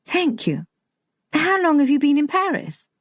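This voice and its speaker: A woman reading an audiobook, voicing a quick-tempered, proud young woman who answers curtly. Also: on the high side, sing-song, a little mellow, husky, no echo, clean studio sound, pitched above the performer's own voice, heavily acted.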